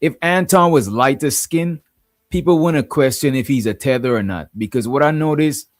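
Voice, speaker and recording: A man's voice: mid-range voice, normal speed, no echo. A Guyanese man talking loosely on his stream, circling back to his points and checking in with the listener. His voice sits in a middling range and sounds close and dry, with no room around it. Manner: rambling, peppers talk with "you know what I'm saying". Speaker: livestream host. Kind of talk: casual livestream commentary.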